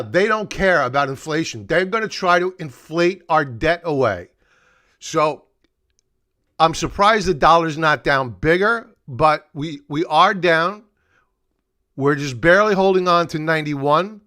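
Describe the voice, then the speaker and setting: Hosting a live stock market stream, a middle-aged man sounds a bit out of breath, his voice a little high, pushed and bright. He greets viewers by name and talks casually through the market news.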